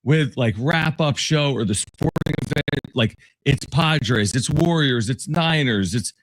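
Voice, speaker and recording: A man's voice: mid-range voice, unhurried. A man co-hosting a sports talk show, chatting casually, joking and laughing often. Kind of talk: casual chat.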